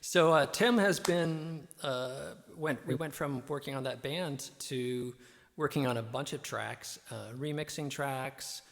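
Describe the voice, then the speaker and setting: Gravelly-voiced host, echoey reverb. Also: male voice, mid-range voice, slow. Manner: rambling, with many fillers. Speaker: host and musician. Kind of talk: live-stream show chat. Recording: reverb-heavy echoey audio.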